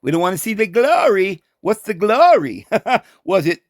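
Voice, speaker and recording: A man talks through scripture in a loose, conversational teaching style, tossing out rhetorical questions and little laughs. His voice sits high and swings widely in pitch. The sound is close and dry, with no room around it. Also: no echo. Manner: animated, full of rhetorical questions and quick chuckles. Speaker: Bible teacher. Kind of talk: informal Bible commentary.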